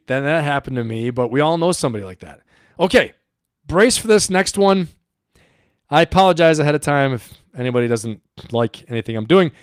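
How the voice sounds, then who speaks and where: A man's voice: a little high, clear, resonant tone, no echo, clean studio sound. Rambling, profane middle-aged man. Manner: profane, rambling, laughs often. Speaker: livestream host and coach. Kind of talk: casual livestream storytelling.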